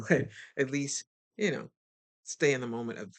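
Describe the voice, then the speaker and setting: A host giving a casual motivational talk, chatty and direct with listeners, and animated when acting out other people. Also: mid-range voice, normal speed.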